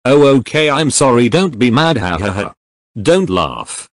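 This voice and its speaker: A cheerful, gentle young hero, played by a man in a fan audio drama, teasing playfully and apologizing through giggles. His voice is lively in pitch and recorded close and dry. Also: moderate pace, dry recording.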